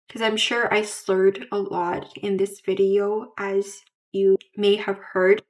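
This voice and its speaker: A woman vlogger speaks candidly to her camera in a mid-pitched voice. Her talk is halting, with repeated words and restarts as she hunts for the right phrase. She fills every gap with "like". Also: steady tone. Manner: fills pauses with frequent "like"; searches for words mid-sentence. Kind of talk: candid casual vlog to camera.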